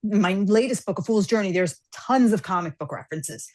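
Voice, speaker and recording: A woman guest author chatting casually on a podcast, telling stories with lively acted-out dialogue. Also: mid-range voice, normal speed. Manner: animated storyteller, acts out characters' lines.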